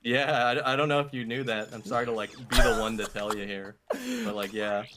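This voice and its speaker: A man's voice: fairly low pitch, steady tone, brisk, background noise. A young man speedrunning alongside a friend, chatting in an easygoing, teasing way. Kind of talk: casual chat while gaming.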